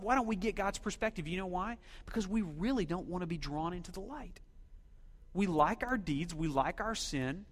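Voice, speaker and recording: A man preaching a sermon in a church, swinging between loud emphatic questions and hushed, near-whispered lines. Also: high voice, in a large hall. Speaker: pastor.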